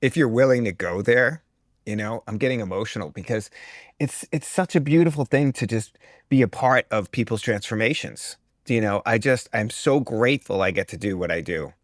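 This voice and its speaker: Blunt, straight-talking breathwork teacher, dry sound. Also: male voice, on the low side, moderate pace, no room sound. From US East Coast. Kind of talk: casual conversation.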